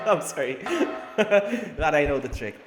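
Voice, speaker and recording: A man live-streaming a video game, joking with chat and laughing often. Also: on the high side. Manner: joking, excitable, laughs a lot. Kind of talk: live gameplay commentary. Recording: echoey room with faint noise.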